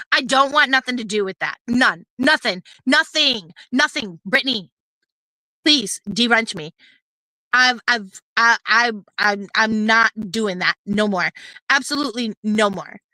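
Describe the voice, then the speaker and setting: High, bright-voiced woman ranting profanely. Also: expressive, slow pace, no room sound, rough recording. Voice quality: profane, repetitive, confrontational. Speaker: streamer. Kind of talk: heated ranting commentary.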